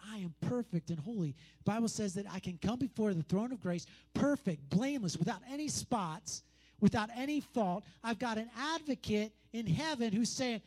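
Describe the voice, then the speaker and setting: A man's voice: high-pitched, animated, moderate pace, darkish tone. A man preaching a sermon, pressing his points through repetition and conversational asides.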